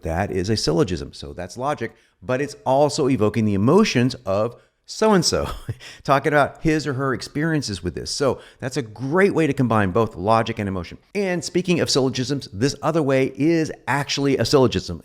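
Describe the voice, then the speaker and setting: A man giving an informal copywriting lesson, animated and joking as he explains. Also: mid-range voice, fairly quick. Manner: animated, joking asides, lively delivery. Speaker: copywriting instructor. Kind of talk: informal teaching.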